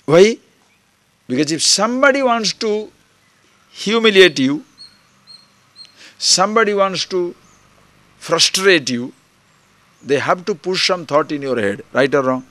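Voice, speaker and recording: A man's voice: high-pitched, animated, unhurried, long pauses, a bit bright, dry recording. A man giving a spiritual discourse, often checking in with the listeners through questions and acting out small dialogues. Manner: acts out little dialogues. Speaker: spiritual teacher.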